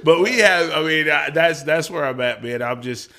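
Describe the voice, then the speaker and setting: A man's voice: a little high, moderate pace, gravelly, bright, forceful tone. A man in his forties, a pastor, chatting casually and telling family stories with lots of laughter and acted-out quotes. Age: 40s. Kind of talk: casual chat.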